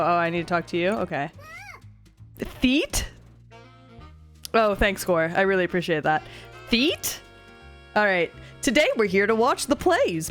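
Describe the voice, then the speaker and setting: A young woman streaming a video game in a casual, animated way, giggling, swearing and reading dialogue aloud on a desk mic. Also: mid-range voice. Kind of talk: casual let's-play commentary. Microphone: desk mic with webcam. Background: faint game music.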